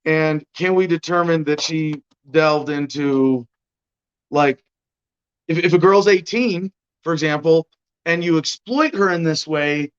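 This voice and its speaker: Guy rambling on a livestream show, kinda high voice, muffled lo-fi sound. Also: unhurried, smooth. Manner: loose, rambling, hedging commentary. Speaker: show host. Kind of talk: casual livestream talk. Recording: muffled lo-fi stream audio.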